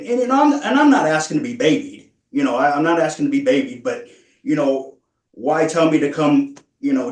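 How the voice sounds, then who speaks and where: A man speaking at a parole hearing, earnest and halting, stumbling through many restarts as he explains himself. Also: mid-range voice, darkish tone. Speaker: parole applicant. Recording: echoey room, far from mic.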